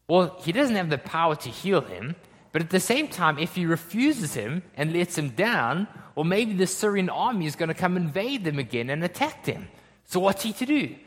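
A man's voice: sits high, breathy edge. A man preaching a sermon in a conversational way, often checking in with his listeners. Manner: conversational, checks in with "okay?" and "right?". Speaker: pastor. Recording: long hall reverb.

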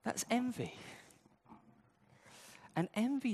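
Male preacher, lively swooping delivery, playful with inner-voice asides, long hall reverb. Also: high-pitched, unhurried. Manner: animated, acts out people's inner voices with humor; speaks directly to the congregation. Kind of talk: sermon. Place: church sanctuary.

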